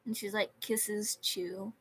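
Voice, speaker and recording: A woman's voice: medium pitch, steady tone, takes it slowly, fairly bright tone, breathy edge, low-quality recording. A young woman on a livestream reading chat messages aloud and telling a story in a sarcastic, complaining way.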